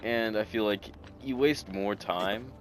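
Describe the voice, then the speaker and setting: A man's voice: fairly low pitch, takes it slowly, soft background music. A young man giving rambling, enthusiastic let's-play commentary while gaming. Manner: rambling, filler-heavy, enthusiastic. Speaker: gaming video creator.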